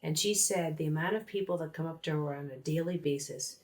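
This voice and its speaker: Middle-aged woman host, upbeat and friendly, lower pitch. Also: a little fast, darkish tone. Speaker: interview host. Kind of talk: casual interview chat.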